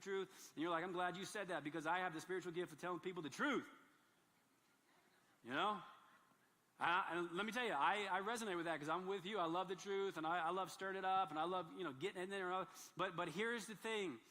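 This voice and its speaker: A male pastor with a high, bright voice delivers a sermon in a big church, his words ringing out with a long hall reverb. He talks in an animated way, dropping to soft asides and then rising into loud, emphatic bursts.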